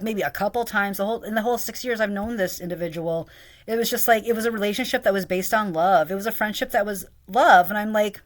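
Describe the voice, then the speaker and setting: A young woman telling a long, rambling, profane story, venting about a friend and a boss, with lots of "like.". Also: medium pitch. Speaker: vlogger. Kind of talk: casual storytelling rant.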